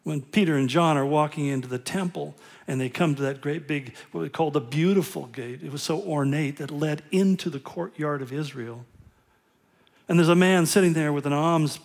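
A man's voice: on the high side, normal speed, creaky. A middle-aged man preaching a sermon as pastor, conversational and self-deprecating, often chuckling at his own jokes.

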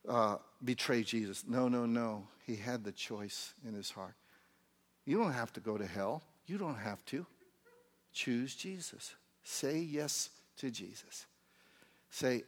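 Man, preacher, sermon, soft one moment and shouting the next, plays out his own inner dialogue. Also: mid-range voice, measured pace, pauses often. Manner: swings from hushed tender lines to loud exclaimed outbursts; acts out inner dialogue in quoted voices.

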